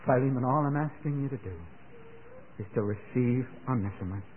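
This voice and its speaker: Older male radio preacher, earnest to fervent, mid-pitched, tinny lo-fi broadcast. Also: brisk, a little hiss or hum. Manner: earnest, building to fervent exclamations. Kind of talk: sermon.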